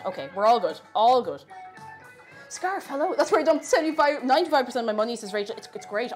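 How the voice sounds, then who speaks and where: Woman, live-stream host baking at home, chatty and animated, voice swinging up and down, soft music underneath. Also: mid-range voice. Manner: chatty, animated, laughs often. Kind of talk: casual live-stream chat while baking. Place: home kitchen.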